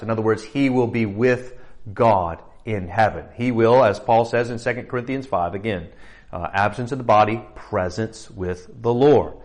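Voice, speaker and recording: Pastor preaching a conversational sermon. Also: male voice, medium pitch. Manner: conversational, explanatory, with frequent fillers and rhetorical questions. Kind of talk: sermon teaching.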